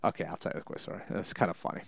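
A man's voice: racing, a bit bright, dry recording. A young man chatting casually, telling rambling, joking stories full of fillers and restarts. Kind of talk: casual storytelling chat.

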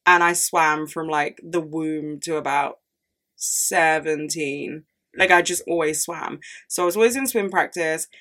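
A woman's voice: sits low, measured pace, fairly bright tone. A young woman in her early twenties hosting a solo podcast, chatting casually, swearing often and ranting with dramatic outbursts. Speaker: podcast host.

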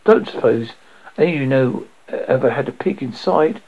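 A man reading aloud and voicing the Doctor, an eccentric time traveller who is politely insistent and brisk. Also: mid-range voice, lively intonation. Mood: pleading. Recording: dull lo-fi audio.

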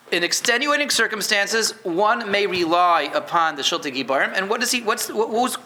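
Man, high-pitched, rabbi giving a chatty live class, stumbles and checks the room understands. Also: sharp tone, slight background noise. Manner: conversational, repeats words, quizzes listeners. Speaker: rabbi teaching Jewish law. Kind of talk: informal halacha class.

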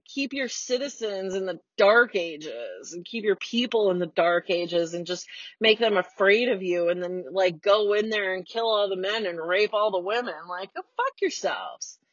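A woman's voice: medium pitch, fairly bright tone, no room sound. Forties American woman podcaster, blunt and sweary, recorded dry and a bit muffled in her car. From United States. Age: 40s. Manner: blunt, swearing, heated and sarcastic. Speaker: podcast host. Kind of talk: casual solo rant. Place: parked car.

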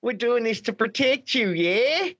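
Brief: smug toothy woman politician, played by a man, patronising, high voice, dull lo-fi sound. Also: lively intonation, measured pace, fairly bright tone, no echo, exaggerated voice. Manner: toothy, patronising, tag questions. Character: grinning bossy female politician, smug.

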